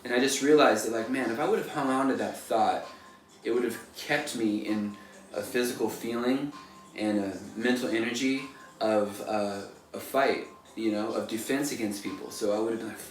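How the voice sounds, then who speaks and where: A man's voice: medium pitch, normal speed, soft background music. A man, a painter, giving a casual motivational talk in a loose, rambling way full of "like" and "you know", recorded from a distance in an echoey room. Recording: echoey room, distant mic, faint noise.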